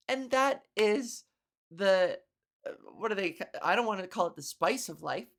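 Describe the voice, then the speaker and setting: Woman comedian ranting on her podcast. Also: mid-range voice. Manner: profane, sarcastic ranting with quick laughs. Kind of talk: casual solo podcast rant.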